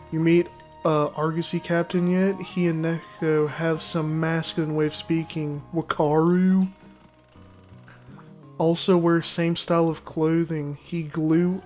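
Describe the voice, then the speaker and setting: Brief: swaggering little cat deckhand, read aloud by a gamer, clipped broken phrasing, medium pitch. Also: darkish tone, natural voice. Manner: clipped pidgin phrasing sprinkled with Japanese words. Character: boastful male cat sailor, broken speech.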